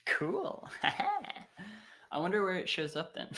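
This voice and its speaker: A young man hosting a worship livestream in casual chat, excitable and thinking aloud with plenty of fillers. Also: sits high, takes it slowly.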